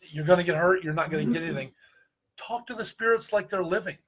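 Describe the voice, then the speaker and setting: A man's voice: high voice, fast talker, a crowd in the background. A man with a Midwestern American accent, co-hosting a casual chat on paranormal investigation and giving folksy, joking advice. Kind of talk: casual group chat on a show.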